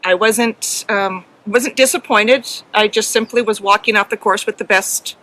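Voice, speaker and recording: A middle-aged woman co-hosting a casual podcast, telling a story earnestly and emotionally, with halting ums. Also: mid-range voice, bright, forceful tone, rough recording. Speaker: podcast co-host and herding judge.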